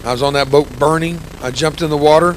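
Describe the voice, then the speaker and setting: A man in his sixties with a gravelly, grumpy-sounding voice, giving an impassioned, folksy testimony sermon with humor as a church guest speaker. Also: on the high side, steady tone, fast talker, slight background noise, poor audio. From United States. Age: 60s. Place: church sanctuary.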